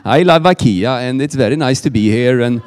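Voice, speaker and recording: A man's voice: medium pitch, normal speed, lightly acted. A man putting on a sing-song Swedish caricature. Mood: jokey. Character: stereotypical cheerful Swedish man.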